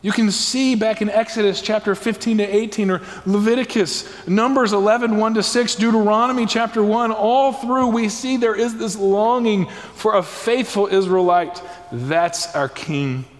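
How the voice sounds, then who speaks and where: A man's voice: sits high, normal speed. A man preaching a sermon as pastor, emphatic and questioning his listeners. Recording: reverberant hall.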